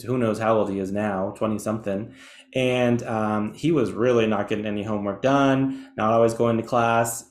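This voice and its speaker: A man's voice: lowish voice, darkish tone, echoey room. Chatty man giving a webinar talk. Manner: chatty, enthusiastic, self-deprecating. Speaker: presenter, educator. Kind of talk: webinar lecture.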